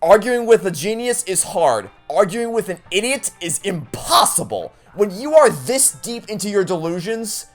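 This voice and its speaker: A man's voice: high voice, very animated, normal speed, few pauses, soft background music. A young man doing let's play commentary, ranting in an exasperated, indignant way with many restarts.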